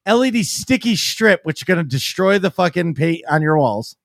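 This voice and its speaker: A man's voice: high-pitched, very animated, normal speed, creaky, no room sound, clean studio sound. A man co-hosting a casual podcast, talking bluntly and swearing freely. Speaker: podcast co-host and streamer. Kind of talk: casual chat.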